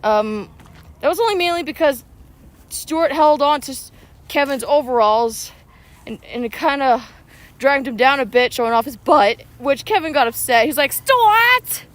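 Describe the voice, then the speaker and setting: A woman streaming a mobile game outdoors, chatting excitedly with viewers and arguing back at them. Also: sits high, moderate pace. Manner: excitable, argues back at chat. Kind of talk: casual chat with viewers while playing. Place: outdoors, walking.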